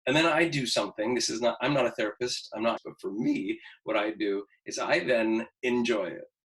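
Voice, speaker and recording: Fairly quick and fairly bright at a medium pitch, this fifties-aged man teaches acting and is giving a loose pre-class talk on a rough recording. He's frank with his students, swears a lot, and plays out his inner voice for self-deprecating laughs.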